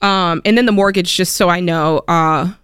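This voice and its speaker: Woman, call-in advice host, direct, practical, smooth, dry. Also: fairly low pitch, fairly even intonation, normal speed, a bit bright, no room sound. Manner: direct, practical, laughs while staying serious.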